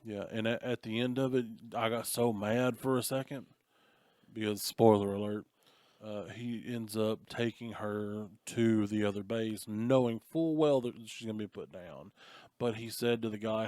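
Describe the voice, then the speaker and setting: Guy on a podcast going through a movie plot all excited, kinda low voice, dry close sound. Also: moderate pace, no echo. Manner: animated retelling of a movie plot, slips into voices of characters. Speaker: podcast co-host. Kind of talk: casual chat.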